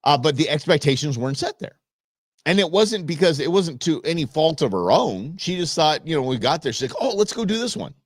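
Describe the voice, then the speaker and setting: A man in his fifties hosts a show and tells a personal story in a loose, joking way. His pitch climbs and drops a lot as he acts out both sides of a conversation. His voice sits a little high for a man, and the sound is dry and close. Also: fairly quick, no echo. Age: 50s. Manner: animated, joking, acts out quoted exchanges. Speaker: show host. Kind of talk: casual storytelling monologue.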